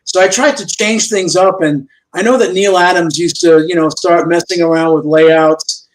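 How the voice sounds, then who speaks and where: An older man with a high voice, telling a story as a guest in an interview. He narrates in a lively way and keeps slipping into the voices of the people in his tales, over a remote video call. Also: normal speed, poor audio. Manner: lively storyteller who acts out quoted dialogue. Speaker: guest comic book artist. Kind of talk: storytelling anecdotes in a chat show interview.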